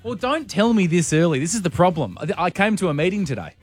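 A man's voice: high voice, animated, fast, slightly rough, dry recording, soft background music. A man hosting a radio show, joking around with his co-host in a studio and stumbling over restarts in a playful, self-mocking way. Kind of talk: breakfast-radio banter. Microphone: studio microphone.

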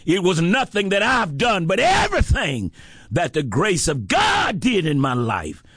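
A man preaches a sermon in a high, swooping voice that climbs into shouts and drops low again. He takes his time, drawing out lines and repeating them for weight. The sound is dry and close. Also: huge pitch swings, a little slow, slightly rough, no room sound. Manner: impassioned, rising to shouts, repeating phrases.

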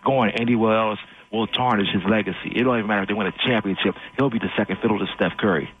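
A man's voice: on the low side, steady tone, very fast, phone-quality sound. A man from Ohio calling into a sports talk radio show, stating his case firmly in a put-on radio voice. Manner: declarative, puts on a radio voice. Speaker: radio caller.

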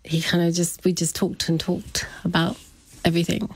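A woman's voice: on the low side, flat delivery, moderate pace, a little hiss or hum. A middle-aged woman in a casual interview, chatting and laughing often as she acts out what others said. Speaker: guest telling her story.

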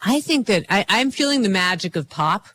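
High-voiced, animated sports talk host. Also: male voice, normal speed, slight background noise. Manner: animated, joking, rambling with fillers.

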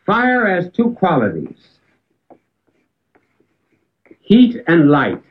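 A man giving a talk on public speaking, telling an anecdote with emphatic rises and sudden quiet drops. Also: high-pitched, huge pitch swings, very slow. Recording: tinny phone-like band, old archive recording.

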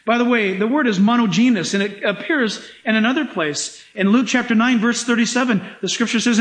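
A man preaching a sermon as pastor, animated and emphatic, sometimes laughing as he speaks. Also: extremely high pitch, a little fast, few pauses, echoey room.

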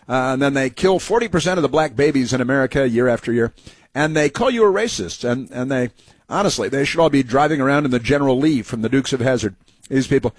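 A man's voice: medium pitch, animated, fast talker, no room sound. A male talk show host delivers scornful, sarcastic commentary between clips. His voice sits in an ordinary middle range and comes through a close, completely dry studio mic with no room sound at all. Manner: mocking, sarcastic running commentary. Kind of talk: political commentary over clips.

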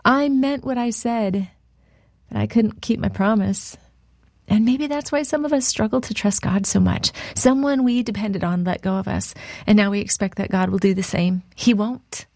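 A woman's voice: medium pitch, moderate pace, darkish tone, no room sound. A woman shares a personal story as a radio devotional. Her delivery is conversational. The recording is dry and close.

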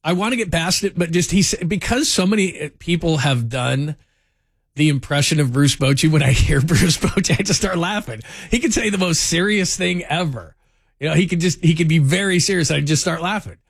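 A man's voice: on the high side, expressive, brisk, vocal fry, slightly rough, dry recording. Chatty male sports radio host, dry studio sound. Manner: chatty storytelling, lots of "like". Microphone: studio microphone.

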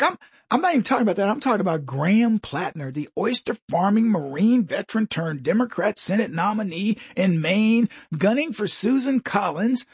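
A middle-aged man delivering a comedic political monologue, mocking and jokey, with quick asides and mimicked voices. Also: high-pitched, breathy edge, no room sound, studio quality. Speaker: commentary host.

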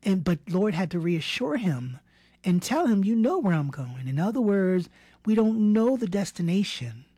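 A woman's voice: medium pitch, sing-song, normal speed, dark tone, breathy edge, no echo. A woman preaching a sermon in an earnest way, repeating words and often dropping to a whisper for key phrases.

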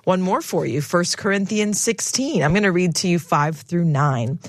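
A woman's voice: fairly low pitch, lively intonation, normal speed, no room sound, clean studio sound. A woman co-hosting a faith podcast, explaining Bible passages in a casual, conversational way and reading verses aloud with emphasis. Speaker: podcast co-host teaching on scripture. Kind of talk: casual Bible teaching chat.

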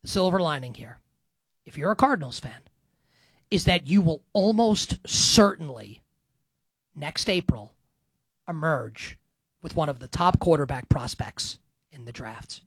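Male sports talker, wry and swinging pitch, dry close sound. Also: unhurried, pauses often, husky, no echo. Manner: animated, sarcastic, breaks into sung bits. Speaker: football analyst. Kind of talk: solo sports commentary.

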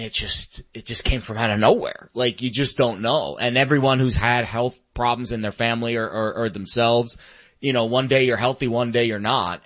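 A man co-hosting a sports talk show, speaking reflectively with many pauses and restarts. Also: medium pitch, fairly bright tone. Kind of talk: casual sports chat. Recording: dull lo-fi sound.

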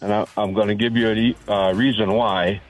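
A man calling in to a sports radio show, speaking haltingly with restarts. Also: lowish voice, fairly even intonation, soft background music, low-quality recording. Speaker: radio caller.

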